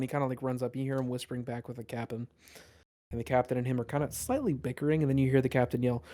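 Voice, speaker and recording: A man's voice: mid-range voice, flat delivery, fast talker, a little mellow. A man narrating a tabletop game as dungeon master, rambling with many fillers.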